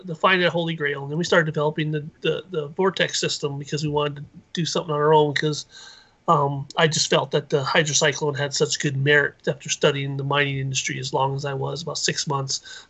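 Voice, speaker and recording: A man telling a rambling, excited story as a guest on a live call-in show. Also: fairly high pitch. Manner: rambling, excited, acts out quoted voices. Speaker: inventor and guest.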